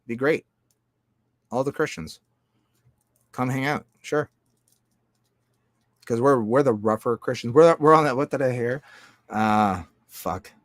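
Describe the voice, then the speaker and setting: A man talking in a loose, profane, rambling monologue, jumping between loud outbursts and low mutters. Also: dry recording, clean studio sound. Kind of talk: casual monologue.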